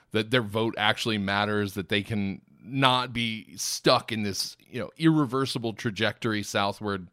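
A man's voice: mid-range voice, a bit bright, dry recording, clean studio sound. A man hosting a podcast interview, asking probing questions in a conversational way. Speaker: podcast host.

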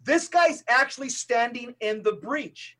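A middle-aged Catholic evangelist appears as a podcast guest, preaching emphatically with rapid-fire lists and repetition. His voice is very high-pitched and a bit bright.

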